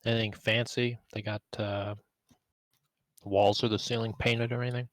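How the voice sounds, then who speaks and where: A man's voice: lowish voice, little pitch movement, normal speed, no echo. A young man playing a tabletop game, asking playful questions and making jokes. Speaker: player. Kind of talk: casual tabletop play.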